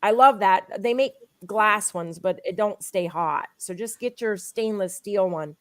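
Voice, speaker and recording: Eager, higher-voiced woman selling. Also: no room sound. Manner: eager, insistent, fast storytelling. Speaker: guest, product promoter. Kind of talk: sales pitch with personal testimony.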